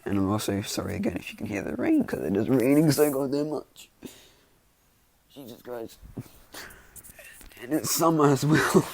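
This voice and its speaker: A man's voice: mid-range voice, sing-song, normal speed, gravelly, pauses often, no echo. A man casually improvising a fan-fiction story, rambling with lots of fillers. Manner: rambling, many fillers like "like" and "you know". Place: indoors with rain outside.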